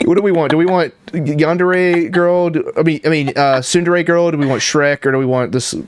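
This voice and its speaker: A man's voice: a little high, steady tone, normal speed, clean tone, dry recording, studio quality. A man streaming from home, casually coaching a guest, rambling and laughing often. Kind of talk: casual chat.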